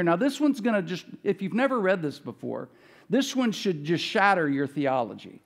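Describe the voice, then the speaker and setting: A male pastor preaching a casual, conversational sermon, retelling scripture with folksy asides and quick self-corrections. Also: high-pitched, big pitch swings. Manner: retells scripture casually, acts out characters' lines.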